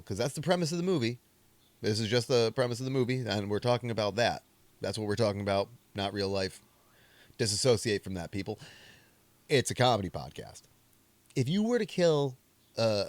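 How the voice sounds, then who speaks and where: In a dry recording, a young man with a fairly low voice chats loosely about films on his comedy movie podcast. He wanders off on tangents and jokes self-mockingly.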